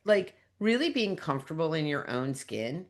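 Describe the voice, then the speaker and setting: Lively, emphatic woman host with a low voice. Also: moderate pace. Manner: emphatic, motivational. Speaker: podcast host. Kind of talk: interview hosting.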